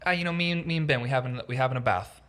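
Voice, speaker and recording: A man's voice: mid-range voice, very fast. A man from the east coast of the US co-hosting a podcast, telling stories with lots of "like". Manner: animated storytelling, lots of "like". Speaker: podcast co-host. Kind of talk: casual chat.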